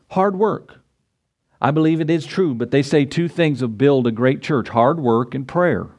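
A man's voice: medium pitch, a little slow, a little mellow. A man preaching a sermon as pastor, emphatic and full of rhetorical questions, acting out the voices he quotes.

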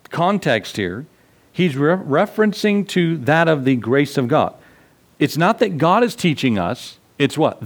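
A male pastor teaching a sermon, reading scripture aloud and rising in pitch to stress his points.

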